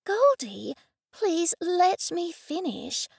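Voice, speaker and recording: A friendly young witch voiced by a woman reading an audiobook talks in a high, gentle voice. She takes her time and sounds patient and a little pleading. The recording is close and dry. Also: very animated, vocal fry, no room sound, heavily acted. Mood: earnest, gentle. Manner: gentle, slow and pleading, sometimes hushed.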